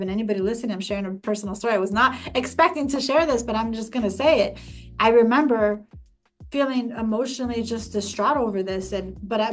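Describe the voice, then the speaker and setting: Animated woman host telling a personal story. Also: mid-range voice. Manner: animated, emphatic storytelling with many restarts. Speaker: podcast host. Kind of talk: personal story in casual conversation.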